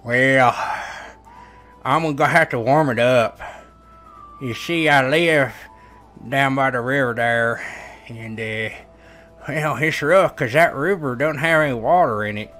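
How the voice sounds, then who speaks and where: A man's voice: mid-range voice, drawn-out words, few pauses, bright, forceful tone, faint music behind. A man voicing a lonely, toothless old man who rambles in a gummy, folksy drawl. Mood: eager. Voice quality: gummy, lisping, toothless mumble.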